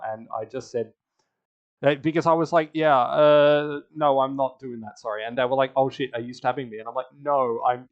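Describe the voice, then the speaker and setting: The audio is dull and his voice mid-range as this podcast host walks through an online strategy game match. He keeps it chatty, breaks into laughter often, and performs other players' lines.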